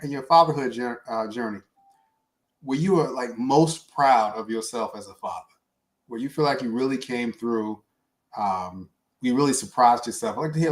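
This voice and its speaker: A man with a mid-range voice asks the panel open questions in relaxed chat. He is inviting and conversational. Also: mid-range voice. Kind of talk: casual chat.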